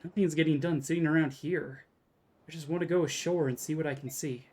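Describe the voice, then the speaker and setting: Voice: medium pitch, steady tone, fairly quick, darkish tone, breathy edge, natural voice. A streamer reading out a blunt, restless young male mercenary leader from a fantasy game. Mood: determined. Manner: reads game dialogue aloud plainly. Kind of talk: reading game dialogue aloud.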